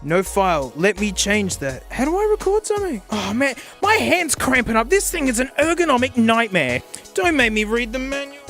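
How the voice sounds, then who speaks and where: An excitable, sarcastic man reviewing a gadget in a casual vlog, often laughing and exclaiming. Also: very high-pitched, moderate pace, soft background music.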